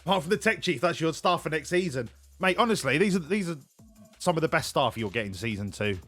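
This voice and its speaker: A man's voice: fairly high pitch, animated, quick pace, fairly bright tone, soft background music. Jokey, swearing man streaming a game. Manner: jokey, profane, laughs often. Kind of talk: casual live-stream commentary.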